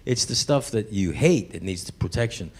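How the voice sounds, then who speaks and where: A man's voice: fairly low pitch, animated, moderate pace, long reverb tail. A male stand-up comedian doing a wry, mocking set live on stage. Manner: wry, mocking, puts on voices for jokes. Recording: live club recording with loud crowd noise.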